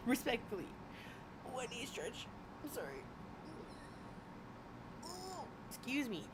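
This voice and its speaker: A weary woman streamer chatting her way through commentary, wandering off on tangents and cutting herself off with little laughs. Her voice sits at an ordinary middle pitch, and a faint hum of noise stays under it. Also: sing-song, moderate pace, pauses often. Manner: rambling, self-interrupting, giggly. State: tired from long talking.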